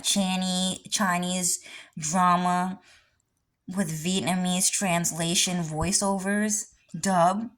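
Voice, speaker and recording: A woman's voice: lowish voice, low-quality recording. A young adult woman rambling through a personal vlog monologue, lecturing insistently and repeating herself again and again. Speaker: vlogger.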